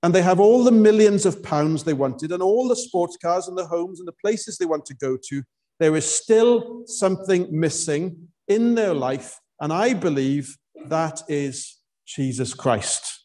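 Slow, mellow-voiced male preacher. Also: sits high, lively intonation. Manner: slow, emphatic preaching with dramatic pauses. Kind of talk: sermon.

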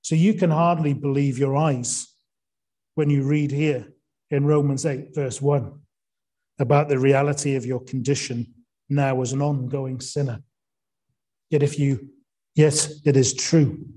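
A man's voice: medium pitch, fairly even intonation, a little slow, pauses often, mellow. A man preaching an evening sermon, earnest, asking rhetorical questions and leaning hard on key words.

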